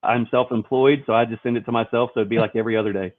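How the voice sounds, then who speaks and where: A man's voice: medium pitch, fairly even intonation, racing, slight background noise. A man co-hosting a podcast, chatting casually and upbeat while firing off quiz questions. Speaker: podcast co-host. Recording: thin phone-like line, dry.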